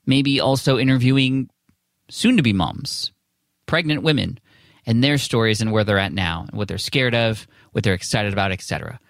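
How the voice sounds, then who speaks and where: A man's voice: mid-range voice, lively intonation, normal speed, vocal fry, no echo. Enthusiastic guy hosting his podcast, chatty and upbeat, dry close mic. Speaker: podcast host. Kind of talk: casual podcast intro and ad read.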